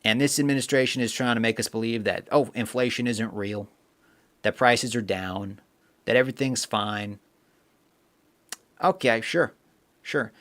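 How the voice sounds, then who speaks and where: A man's voice: medium pitch, unhurried, pauses often, a bit bright. Chatty young man reading comments. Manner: chatty, reads viewer comments aloud, rambling with fillers. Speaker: livestream host. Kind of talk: casual live-stream chat.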